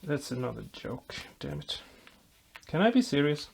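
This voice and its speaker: A man's voice: a little high, sing-song, moderate pace, vocal fry, slight background noise. A man vlogging as he builds a guitar, explaining while he works, rambling and making self-deprecating jokes. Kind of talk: casual workshop tutorial chat.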